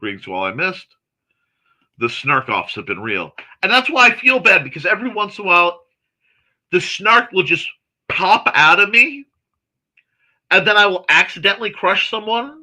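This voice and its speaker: A man hosting a morning livestream, chatting casually and reading viewer comments aloud in a chatty, excitable way with snarky asides. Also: high-pitched, normal speed, pauses often. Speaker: host of a morning livestream chat show.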